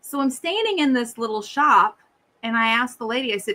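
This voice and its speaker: Bright, animated middle-aged woman storyteller. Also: on the high side, a little fast. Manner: animated, acts out quoted voices. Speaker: podcast co-host. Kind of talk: casual storytelling chat.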